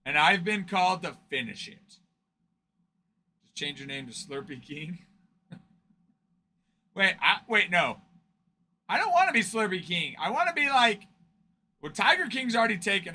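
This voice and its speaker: A man's voice: sits high, very animated, normal speed, long pauses, bright, forceful tone. A man hosting a card break stream, chatting casually with viewers, joking and laughing often. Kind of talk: casual livestream chat with viewers.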